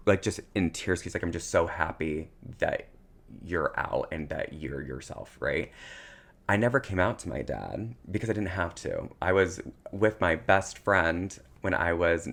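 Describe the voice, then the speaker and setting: Gravelly low-voiced man telling stories. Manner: emotional, tearful at times, animated storytelling. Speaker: podcast co-host. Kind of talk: casual chat, personal storytelling.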